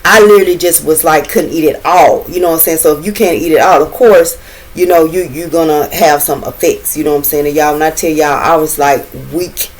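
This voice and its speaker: Speaking fairly quickly in a low-pitched voice, this middle-aged vlogger shares a casual storytime packed with slang, free swearing, and constant "you know what I'm saying." The recording sounds rough.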